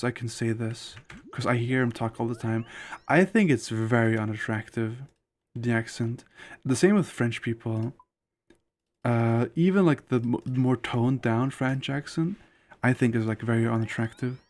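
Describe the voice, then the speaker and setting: This man talks in an unhurried, medium-pitched voice as he plays a game live for his audience. His chatter wanders, leans heavily on "like," and is frank and opinionated.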